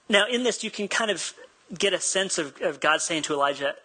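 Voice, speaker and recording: Bright-voiced chatty male preacher. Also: high-pitched, expressive, fairly quick, a little hiss or hum, rough recording. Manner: chatty, self-deprecating, laughs easily; acts out quoted dialogue. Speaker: pastor. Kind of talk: sermon with personal storytelling.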